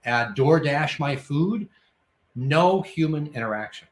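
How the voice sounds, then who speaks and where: A man's voice: a little high, lively intonation, takes it slowly, reverberant, slight background noise. A man speaking as a guest in a casual chat, laying out his point step by step over a video call. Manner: reflective, builds points in lists.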